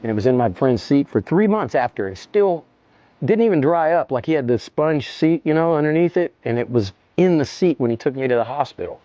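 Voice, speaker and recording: Animated middle-aged man telling a story. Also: a little fast, no echo, dull audio. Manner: animated, swearing, acts out the scene with jumps in pitch. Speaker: interview guest. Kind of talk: casual storytelling in an interview.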